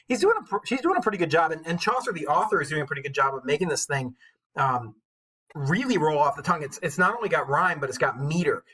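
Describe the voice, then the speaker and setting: A man's voice: on the high side, lively intonation, fast talker, sharp tone, slightly rough, poor audio. A man teaching an online English lesson, chatty and enthusiastic, with self-mocking asides.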